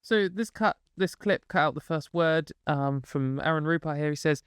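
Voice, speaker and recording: A woman's voice: sits low, moderate pace, few pauses, clean tone, no room sound, studio quality. A woman hosting a casual commentary video, sarcastic and exasperated, swearing now and then. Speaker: commentary host.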